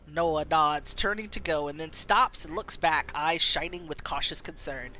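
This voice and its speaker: A woman streamer reading a story game aloud, expressive and playful, reacting as she goes. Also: deep voice, normal speed, hardly any pauses.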